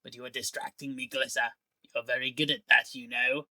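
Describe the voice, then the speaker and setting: A man's voice: mid-range voice, flat delivery, a little fast, pushed and bright, no echo. A man doing a cold taunting villain. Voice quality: sneering, taunting. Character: cold menacing male villain speaking through a severed head.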